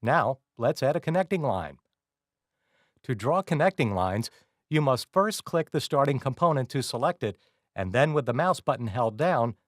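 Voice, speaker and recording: A man giving scripted, measured narration for a software tutorial. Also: mid-range voice, dry recording, studio quality. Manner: measured, instructional.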